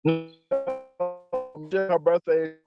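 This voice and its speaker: A man's voice: fairly high pitch, flat delivery, slow, dull audio, soft background music. A man co-hosting a live podcast, bantering and cursing in a joking way. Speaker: podcast co-host. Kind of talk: casual live-stream chat.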